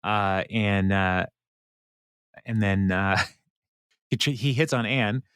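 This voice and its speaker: A man's voice: lowish voice, slow, fairly bright tone, clean tone, no echo, studio quality. A man co-hosting a podcast, casually recapping a TV episode with lots of fillers and frequent laughter. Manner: rambling, filler-heavy, laughs often. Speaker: podcast co-host.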